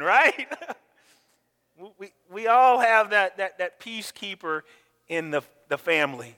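High, bright-voiced preaching man. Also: lively intonation, unhurried, pauses often, long reverb tail. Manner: emphatic, repeats words, asks the congregation to answer. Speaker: pastor. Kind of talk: sermon.

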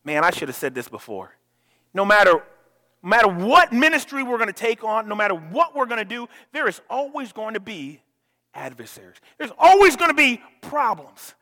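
High, bright-voiced pastor preaching in reverberant church. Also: male voice, normal speed. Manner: animated preaching with frequent restarts and call-and-response questions. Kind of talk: sermon. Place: church sanctuary.

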